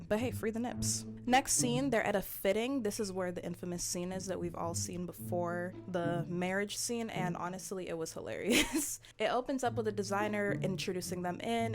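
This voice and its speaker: Laughing woman vlogger over background music. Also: fairly low pitch. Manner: playful, laughs often, blunt slangy asides. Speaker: vlogger recapping a reality show. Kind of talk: casual recap commentary.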